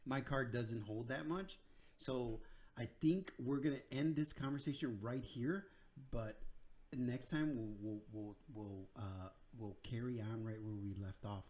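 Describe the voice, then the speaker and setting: A man hosting a podcast in casual chat, speaking haltingly with restarts and fillers. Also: medium pitch, a little mellow. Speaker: podcast host.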